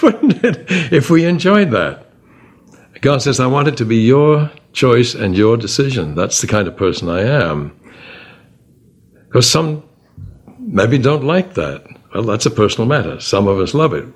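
A man leading a Bible study class, talking in an animated way and asking the group many rhetorical questions. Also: medium pitch. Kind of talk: discussion-led Bible class.

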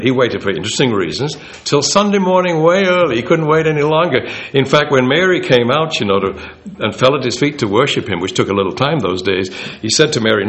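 Animated man giving a casual Bible talk. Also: medium pitch. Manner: conversational, animated, acts out quoted speech. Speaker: Bible teacher. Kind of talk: informal talk on theology.

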